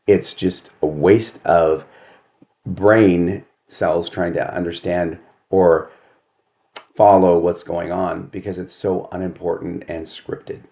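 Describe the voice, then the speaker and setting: A man's voice: sits low, steady tone, takes it slowly, warm tone. An older man hosting his own show, delivering a casual solo monologue at home full of sarcastic complaints and rhetorical questions. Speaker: host.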